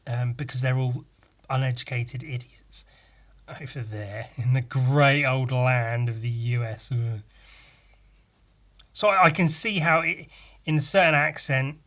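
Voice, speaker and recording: A man's voice: mid-range voice, a little slow, pushed and bright. A man with an English accent hosting a podcast, ranting casually with sardonic, sweary, mock-outraged asides. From England. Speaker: podcast host. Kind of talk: casual solo rant.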